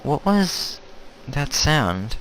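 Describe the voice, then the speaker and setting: A man voicing an anxious teenage girl who craves donuts, speaking in a soft, halting voice. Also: on the high side, very animated, background noise, pitched above the performer's own voice, full character voice. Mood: nervous.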